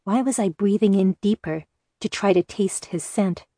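A woman reading a first-person novel aloud in measured, steady audiobook narration. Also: mid-range voice, no echo, studio quality.

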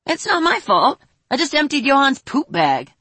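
A woman's voice: sits high, huge pitch swings, moderate pace, pushed and bright, dry recording, pitched above the performer's own voice, exaggerated voice. A woman voicing a bashful young boy prince who whines and pleads. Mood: whiny. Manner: whiny, pleading.

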